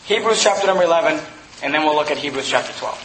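A man's voice: on the high side, very fast, fairly bright tone, echoey room, slight background noise, low-quality recording. A man preaching a sermon, emphatic and repetitive, pointing his listeners to Bible verses. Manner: emphatic, repeats phrases, directs listeners to verses. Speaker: pastor.

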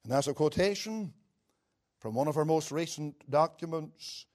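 Impassioned high-voiced male preacher. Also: normal speed. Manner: impassioned, swinging from loud declaiming to low quiet asides. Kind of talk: sermon.

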